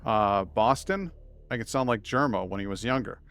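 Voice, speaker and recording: A man's voice: on the low side, moderate pace, a bit bright, clean tone. A man from Massachusetts with an Upstate New York accent, chatting casually with viewers while streaming a game, rambling and self-deprecating. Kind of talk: casual live-stream gaming chat.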